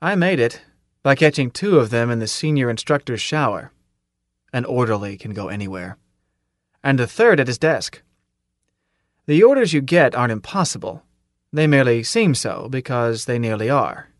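A man reading first-person audiobook narration in a steady, measured way. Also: medium pitch, dry recording, clean studio sound.

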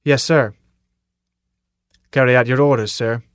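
A man voicing a stern, gruff older military commandant in an audiobook, speaking in a clipped, authoritative way and firing off pointed questions. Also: mid-range voice, steady tone, measured pace, dry recording, clean studio sound, lightly acted. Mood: commanding. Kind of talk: audiobook character reading.

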